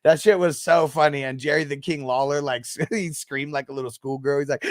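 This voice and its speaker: A man's voice: medium pitch, moderate pace, dry recording, clean studio sound. A man in his thirties hosting a fantasy football live stream, chatting casually, laughing and swearing. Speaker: fantasy football livestream host.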